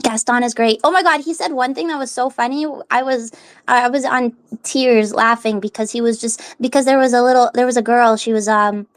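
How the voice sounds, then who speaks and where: A woman's voice: fairly high pitch, steady tone, fairly quick. A young woman hosting a live audio chat, telling rambling stories and laughing often. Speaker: social audio host. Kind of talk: casual chat.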